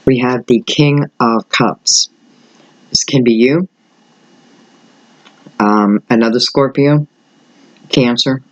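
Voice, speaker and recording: An older man, slightly hoarse, giving a rambling solo tarot reading and thinking aloud with many fillers. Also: mid-range voice, dry recording, low-quality recording. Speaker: tarot reader.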